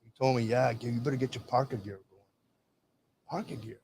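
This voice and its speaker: Speaking briskly in a darkish, mid-range voice, this older veteran guest from Michigan rambles through casual anecdotes. He acts out the dialogue he quotes, and there's light background noise.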